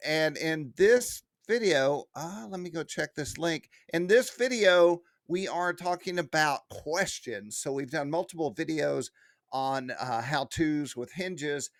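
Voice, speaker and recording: A man's voice: fairly high pitch, a bit bright, dry recording, studio quality. A man hosting a weekly hobby news roundup, chatty and enthusiastic, with frequent fillers. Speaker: host of a weekly RC news show.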